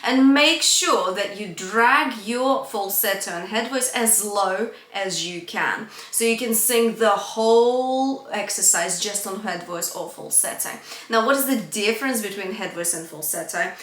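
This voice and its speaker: Bright-voiced woman vocal coach, slow and echoey. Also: mid-range voice. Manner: bright, upbeat teaching, breaks into breathy sung demonstrations. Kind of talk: singing lesson with sung examples. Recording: echoey room.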